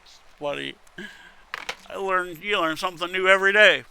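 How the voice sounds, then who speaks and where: A man's voice: high-pitched, moderate pace, creaky, pushed and bright, slight background noise. A man reading internet posts aloud in casual commentary, wry and muttering, with casual swearing. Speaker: content creator reading posts.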